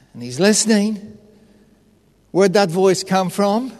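Slow high-voiced male preacher. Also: darkish tone. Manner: earnest, storytelling, personal. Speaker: pastor. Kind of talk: sermon. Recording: echoey hall reverb.

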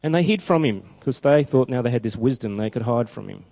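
A man preaching a chatty, informal sermon who slows down when reading scripture aloud. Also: mid-range voice, lively intonation, vocal fry, mellow. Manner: conversational and chatty, slowing down for scripture quotes.

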